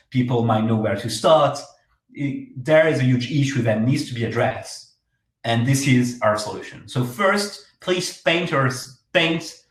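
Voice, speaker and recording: Man coaching startup pitches, roomy echo. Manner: frequent fillers and restarts, direct advice. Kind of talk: workshop talk.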